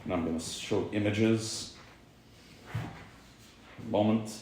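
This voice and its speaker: A man's voice: on the low side, fairly even intonation, slow, darkish tone, heavy reverb, a little hiss or hum, low-quality recording. A man teaching a small group around a table, explaining at length with many religious terms. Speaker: class teacher. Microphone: phone recording on the table.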